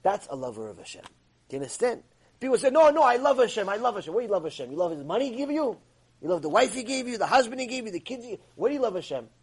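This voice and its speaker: A man giving an animated sermon lecture, telling stories and asking his listeners questions. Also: high-pitched, fast, breathy edge. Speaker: rabbi teacher.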